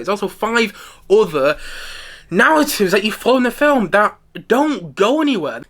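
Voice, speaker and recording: A man's voice: a little high, pushed and bright. A man hosting a podcast and giving a casual spoken film review, rambling and correcting himself, with chatty asides and laughs. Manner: rambling, self-correcting, repeats himself for emphasis.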